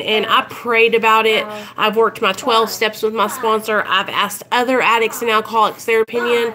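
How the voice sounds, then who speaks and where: Bright-voiced woman chatting on a home livestream, earnest, rambly, lots of um and you know. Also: a little high. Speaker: recovery vlogger. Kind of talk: casual livestream talk to viewers.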